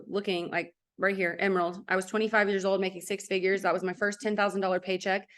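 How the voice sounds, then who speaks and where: A woman in her thirties giving an upbeat motivational sales pitch for a network marketing business, talking straight to her audience. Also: a bit bright. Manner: upbeat, addresses the audience directly.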